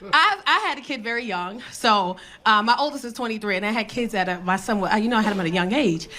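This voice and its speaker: A brash, foul-mouthed woman in her thirties from the South Bronx does stand-up on a club stage, ribbing the audience in a New York accent. Her medium-pitched voice is animated and fast, with a slight hiss or hum. The live club recording is full of loud crowd laughter.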